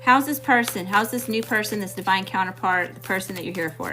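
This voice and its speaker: A woman's voice: medium pitch, brisk, heavy background noise. Sassy Mississippi woman reading tarot. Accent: Mississippi Southern US. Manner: sassy, blunt, profane, animated. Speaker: tarot reader. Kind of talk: casual tarot reading to viewers.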